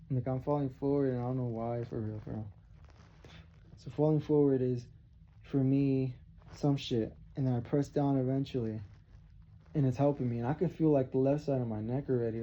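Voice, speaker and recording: A man's voice: mid-range voice, warm tone, lo-fi sound, a little hiss or hum. A man rambling and swearing heavily in a monologue to camera, sitting on his bed. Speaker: vlogger. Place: bedroom, seated on bed.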